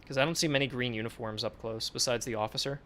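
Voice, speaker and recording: Male game dev, casual offhand streamer, average pitch, faint noise. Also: steady tone, fast talker, bright, forceful tone. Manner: mumbled, offhand, repeating short approvals. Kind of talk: casual livestream feedback.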